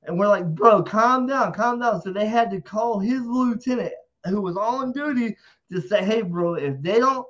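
A man telling a rowdy story in casual talk, animated and profane, acting out quotes loudly. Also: high-pitched, normal speed, highs cut off. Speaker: interview guest.

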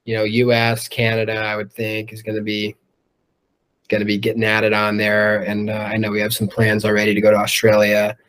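A man's voice: lowish voice, completely flat delivery, brisk, a bit bright, slight background noise. A man who sings in a rock band, chatting loosely in an interview, swearing freely and filling his talk with "um" and "like". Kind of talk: casual interview chat.

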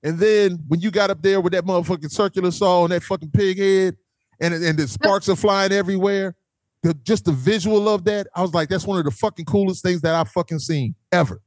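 High-voiced man telling an animated story. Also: a little fast, no echo. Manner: animated, acts out quotes, swears freely. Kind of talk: casual storytelling chat.

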